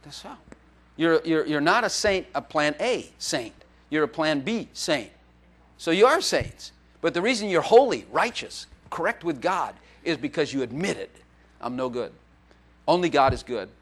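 A man's voice: fairly high pitch, sing-song, measured pace, fairly bright tone, slightly rough. A man preaching as a pastor in a church, in a joking, conversational way with playful acted quotes. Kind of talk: sermon.

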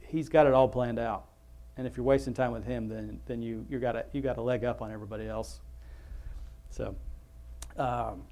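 A man's voice: medium pitch, darkish tone. A male pastor giving an informal, rambling sermon, full of asides, restarts and self-interruptions.

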